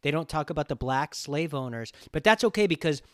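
A man's voice: a little high, expressive, brisk, no echo, clean studio sound. A man hosting a podcast, talking bluntly in a profane, ranting casual chat. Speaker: podcast host.

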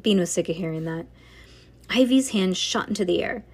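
A woman's voice: fairly low pitch, lively intonation, moderate pace, slightly rough. A woman reading a children's book aloud, with casual chatty asides between passages. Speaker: storybook reader.

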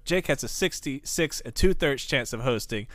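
A man putting on a brash, muscle-bound male wrestler cutting a loud, boastful promo full of made-up math. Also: medium pitch, lively intonation, moderate pace, no echo, lightly acted.

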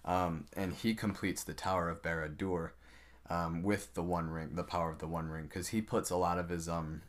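A man's voice: low voice, little pitch movement, normal speed. A man co-hosting a podcast, casually explaining lore with many fillers and playful jokes. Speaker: podcast co-host. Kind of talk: casual chat.

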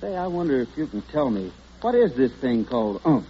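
A man playing a guest cowboy on a 1940s radio comedy show, answering in a slow, innocent, deadpan way. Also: medium pitch. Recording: dull old radio broadcast with faint hiss.

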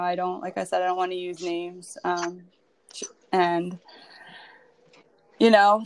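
Candid woman with a flat voice. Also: fairly low pitch. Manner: candid and emotional, heavy with "like" and "um" fillers. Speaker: podcast guest. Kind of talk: personal storytelling.

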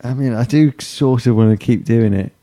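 A man's voice: medium pitch, moderate pace, mellow, dry recording. A man hosting a casual chat podcast, rambling hesitantly and mocking himself. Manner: hesitant, lots of fillers and restarts, self-mocking. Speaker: podcast host.

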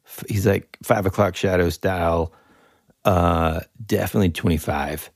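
This low-pitched man co-hosts a podcast, chatting casually and animatedly about a true-crime story as he rambles and jokes. His intonation stays fairly even at a normal speed, and the clean studio sound has no echo.

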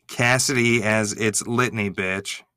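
A man giving excitable, gushing reaction commentary, swearing freely as he reacts. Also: on the low side, slow pace, no echo, studio quality.

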